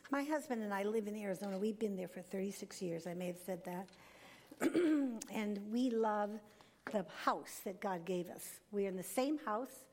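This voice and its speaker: An older woman giving a devotional talk, earnest and emphatic, slowing down and sometimes dropping to a whisper. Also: medium pitch, animated, a little mellow. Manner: earnest, slow and emphatic, drops to a whisper at times. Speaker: speaker.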